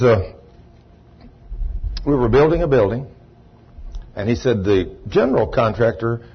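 A man preaching a sermon, telling a long rambling story in a folksy way and breaking into shouts of praise. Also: lowish voice, breathy edge. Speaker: pastor. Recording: muffled lo-fi recording.

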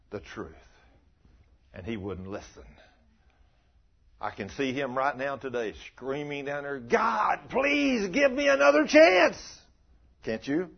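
An older man preaches in a folksy, storytelling way, often turning to his listeners with questions. His voice is husky and swings widely in pitch. The recording sounds muffled and lo-fi. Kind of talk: folksy sermon.

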